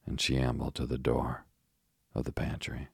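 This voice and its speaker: A man narrating a children's storybook in a steady, measured reading. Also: extremely low pitch, vocal fry, husky, no room sound, studio quality. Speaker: audiobook narrator.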